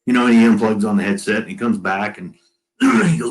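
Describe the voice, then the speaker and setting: A man guest on a casual podcast, telling a lively flight story and acting out the crew's dialogue. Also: fairly low pitch, fast, poor audio. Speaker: guest, former Marine aircrewman.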